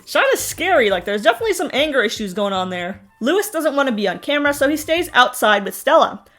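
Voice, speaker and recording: A woman's voice: high-pitched, very animated, fast talker, fairly bright tone, faint music behind. Sarcastic young woman recapping reality TV. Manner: sarcastic, mocking asides. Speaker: TV recap host. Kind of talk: snarky reality-show recap commentary.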